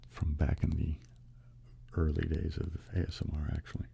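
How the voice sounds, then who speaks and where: Deep gravelly man whispering ASMR. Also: flat delivery, normal speed. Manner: alternates whispers with soft close speech, chats to viewers. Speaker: live stream host. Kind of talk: ASMR whispering and soft speaking. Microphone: close microphone.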